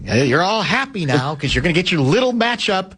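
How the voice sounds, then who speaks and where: A man's voice: high-pitched, sing-song, brisk, fairly bright tone, breathy edge. A man hosting sports talk radio in casual banter, blunt and sarcastic as he needles his guest. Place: radio studio.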